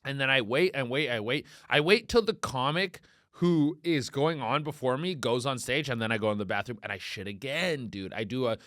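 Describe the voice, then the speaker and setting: A man's voice: medium pitch, animated, normal speed, fairly bright tone, no echo, clean studio sound. A male comedian and podcast host telling a rambling, profane story, laughing as he goes and acting out the voices of people in it. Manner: acts out quoted voices. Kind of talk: casual comedic storytelling monologue.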